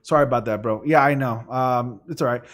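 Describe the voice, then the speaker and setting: A man hosting a gaming livestream chats casually and rambles, with plenty of fillers. His mid-range voice is a little fast, picked up by a studio condenser microphone.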